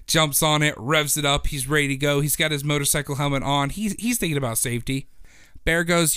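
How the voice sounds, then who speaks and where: A man's voice: a little high, fairly quick, pushed and bright, clear, resonant tone, no echo, clean studio sound. A man hosting a podcast, chatting casually and telling a long, playful joke. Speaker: podcast host.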